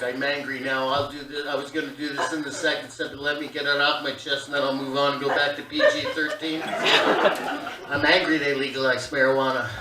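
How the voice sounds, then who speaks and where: A Canadian man performing an animated stand-up comedy set on a theater stage, telling stories loudly and acting out voices. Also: medium pitch. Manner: loud, animated storytelling with shouted character voices. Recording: echoey live theater, distant mic, noisy. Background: audience laughter.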